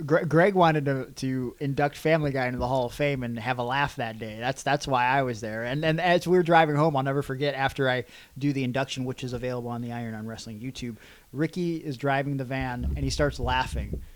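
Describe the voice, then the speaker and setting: A man's voice: mid-range voice, fairly quick. Podcast cohost guy, middle of the road voice, dry wry little comments, keeps the story moving. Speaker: podcast co-host. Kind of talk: casual chat.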